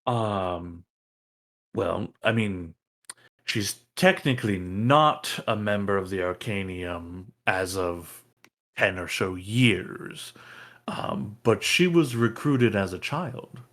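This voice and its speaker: A man's voice: lowish voice, slow, fairly bright tone. A man voicing a former mage's apprentice who hedges constantly and keeps saying "I mean". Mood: evasive. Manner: hesitant, full of "I mean". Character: man, former student of a mage, evasive and rambling.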